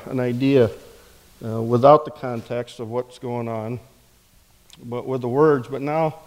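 A man's voice: medium pitch, darkish tone. Man preaching in a reverberant hall. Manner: conversational, with rhetorical questions. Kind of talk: sermon.

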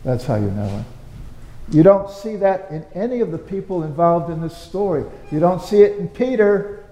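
A man's voice: high-pitched, expressive, moderate pace, dark tone. A man preaching a conversational, story-driven sermon, firing off rhetorical questions with sudden emphatic bursts. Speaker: pastor. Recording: roomy with long hall reverb.

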